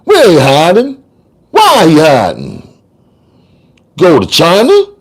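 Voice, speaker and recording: A man's voice: a little high, wildly swooping pitch, unhurried, exaggerated voice. A man voicing a street-smart male trial lawyer who argues in slangy, sing-song courtroom oratory. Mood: arguing. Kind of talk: dramatic audiobook reading.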